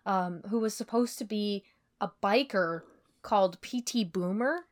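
A woman's voice: mid-range voice, measured pace. A woman co-hosting a casual podcast, talking in a chatty, analytical way and laughing easily. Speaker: podcast co-host. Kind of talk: casual chat.

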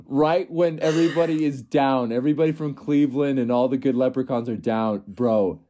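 A man's voice: mid-range voice, normal speed, dark tone. A man in casual podcast chat, telling a goofy story in a laid-back, slangy way with lots of laughing. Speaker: podcast co-host.

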